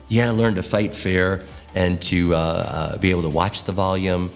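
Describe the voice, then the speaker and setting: With faint music behind him, a pastor talks to church leaders in a low-pitched voice at normal speed. His teaching is full of expressive storytelling, with quotes acted out in an animated manner.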